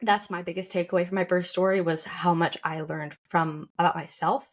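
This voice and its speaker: A young woman with a somewhat low voice talks on a casual podcast. She is reflective and candid, often backing up to rephrase. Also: little pitch movement, a little fast. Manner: reflective, with frequent restarts and laughter. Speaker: podcast co-host sharing her birth story.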